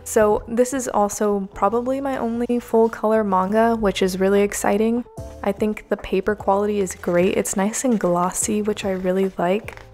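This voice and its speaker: Warm and mid-range, this manga vlogger's voice carries a gushing, chatty narration for her own video aimed at her viewers. A home voice-over mic captures it, and lo-fi music plays underneath.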